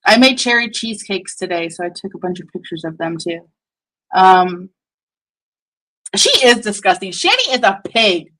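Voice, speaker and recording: A woman's voice: medium pitch, very animated, normal speed, noisy background. A woman streaming casual commentary, blunt and profane, rambling and laughing often while she multitasks on screen. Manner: distracted while working on screen.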